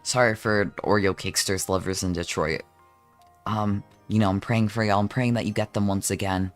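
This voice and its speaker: A man's voice: lowish voice, steady tone, moderate pace, soft background music. A young man, chatting casually on a live stream in a rambling, profane, jokey way. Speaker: vtuber streamer.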